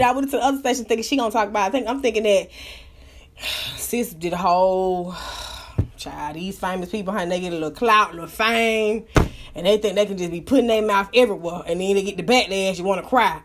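A woman hosting a casual live talk room, telling stories and ranting bluntly with profanity and sudden loud outbursts. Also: mid-range voice, a little fast. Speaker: live audio room host. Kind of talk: casual storytelling rant.

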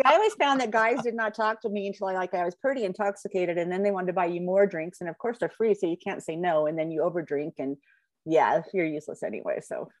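A woman's voice: on the low side, fast, no room sound. A woman co-hosting a podcast in casual chat, blunt and frank, with laughter between her remarks. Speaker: podcast co-host.

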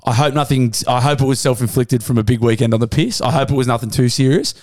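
A man's voice: medium pitch, quick pace, darkish tone. An Australian man co-hosting a podcast in a rowdy, laughing, swear-filled casual chat. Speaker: podcast co-host.

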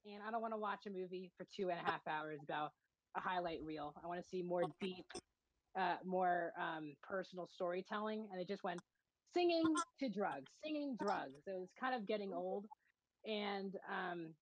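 A woman's voice: lowish voice, normal speed, no echo, lo-fi sound. A woman co-hosting a podcast, reviewing movies in a matter-of-fact, casual way with frequent ums.

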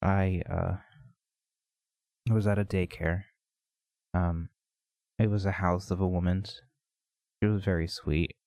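Slow, low-voiced man musing on podcast. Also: fairly even intonation, creaky, a little mellow, no room sound. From United States. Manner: reflective, halting, with many pauses. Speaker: podcast host. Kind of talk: personal confessional podcast monologue.

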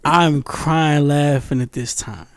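A man's voice: fairly high pitch, steady tone, slow, clean tone, dry recording, studio quality. A man telling a funny story in casual chat, laughing often and repeating himself.

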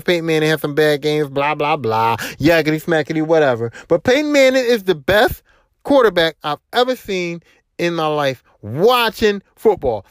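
High-voiced man ranting about sports. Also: no room sound. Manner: animated, repetitive, profane. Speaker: podcast host. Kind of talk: casual sports opinion monologue.

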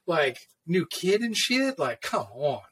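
A man's voice: on the high side, sing-song, takes it slowly, a bit bright, slight background noise. A veteran tattoo artist, a man, telling stories from his career in a rambling, profane, casual way. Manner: rambling, profane, filler-heavy. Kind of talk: casual storytelling.

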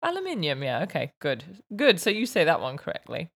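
A woman's voice: low-pitched, big pitch swings, brisk, fairly bright tone, husky. A young British woman with a British accent, casually quizzing a friend and correcting his pronunciation with amused teasing. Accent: British English. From Britain. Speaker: vlog host.

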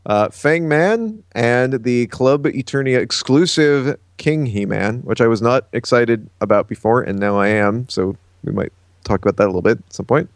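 Relaxed man reading news notes, dry sound. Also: mid-range voice, normal speed, dry recording. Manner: relaxed, reads from notes with frequent uh fillers. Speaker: podcast co-host reading the news. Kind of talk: casual podcast chat.

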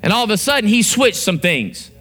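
A man delivers a sermon with a bright, forceful voice that sits a little high. He acts out prayers and quotes as he preaches, and his pitch swings widely from line to line. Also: sing-song, fairly quick. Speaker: pastor.

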